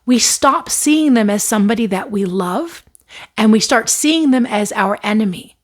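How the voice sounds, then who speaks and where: Woman podcast host, slightly high voice, earnest coaching tone, voices example replies as she talks. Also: expressive, moderate pace. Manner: earnest, coaching, acts out quoted replies in shifting tones. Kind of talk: solo podcast talk on healing.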